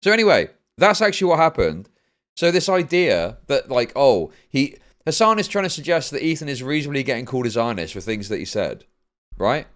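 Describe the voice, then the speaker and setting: A man's voice: medium pitch, big pitch swings, brisk, a bit bright. A man streaming live, reading out donations with a dry, repeated "indeed," then explaining at length with many fillers. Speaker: streamer reacting to a video.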